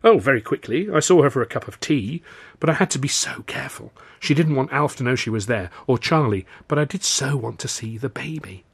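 A man voicing an excitable young woman friend who teases and scolds, in an audiobook reading. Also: medium pitch, fairly quick, gravelly, slightly rough, no echo. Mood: eager, scolding. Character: lively exasperated young woman friend, teasing.

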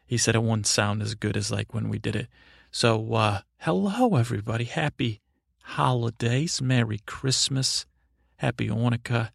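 A man playing a sweet, slow, gentle man who rambles dully on a comedy podcast. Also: medium pitch, gravelly, dry recording, clean studio sound. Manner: meandering, rambling and dull. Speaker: recurring comedy character. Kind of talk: improvised comedy podcast bit.

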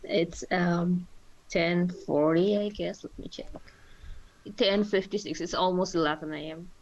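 A woman's voice: fairly low pitch, fairly even intonation, measured pace, darkish tone. Sleepy woman on a dull remote line. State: just woke up, sleepy. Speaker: podcast guest. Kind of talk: casual chat.

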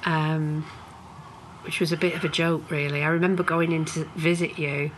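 A woman's voice: sits low, flat delivery, normal speed, a little hiss or hum. A woman interviewing her partner on a podcast with probing, leading questions. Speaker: co-host, interviewer.

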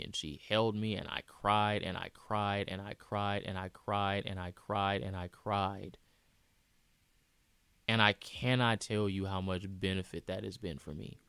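A man's voice: on the low side, pushed and bright, clear, resonant tone, dry recording. A man speaking as host in a reflective personal monologue, earnest and repeating phrases for emphasis.

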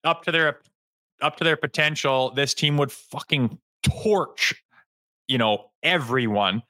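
A man co-hosting a sports podcast, talking in a heated, animated way and mocking critics in put-on voices. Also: medium pitch, measured pace, no room sound. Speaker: co-host.

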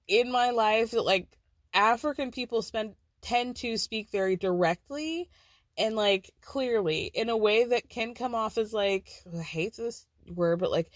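A woman's voice: mid-range voice, dry recording, studio quality. A woman hosting a podcast who recaps reality TV in a chatty way, full of "like" and light laughs. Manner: chatty, peppered with "like" and giggles. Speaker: podcast host. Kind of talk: casual TV recap.

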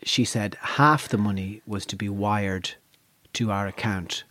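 A man with a West of Ireland accent, a stand-up comedian telling a casual, profane anecdote, swinging from low mutters to high excited bursts. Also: measured pace, a little hiss or hum. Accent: Irish, West of Ireland.

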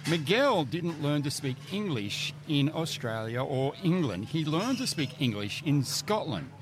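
A man's voice: on the high side, very animated, a little slow. Teasing male podcast host. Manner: teasing, playful. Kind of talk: casual chat. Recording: background noise.

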